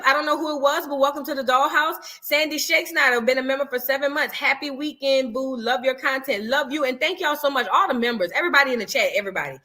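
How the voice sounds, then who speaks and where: Woman livestream host, sassy chatty read; high and bright. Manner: chatty, sassy, calls viewers girl and boo. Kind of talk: casual livestream chat reading super chats.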